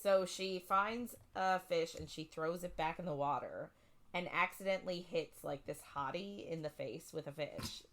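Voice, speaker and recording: A woman's voice: fairly low pitch, moderate pace, a bit bright. A woman co-hosting a casual book podcast, retelling the plot in a rambling way full of "like" and "um". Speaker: podcast co-host.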